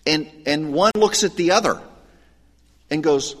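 A man preaching as a pastor, teaching in a conversational, animated way and acting out quoted lines. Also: a little high, unhurried. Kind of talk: sermon. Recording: long hall reverb.

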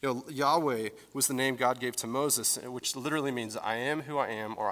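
Male pastor, casual explanatory sermon voice, mid pitch, echoing sanctuary. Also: brisk, few pauses, fairly bright tone. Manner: conversational, explanatory, with fillers. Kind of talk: teaching sermon. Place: church sanctuary.

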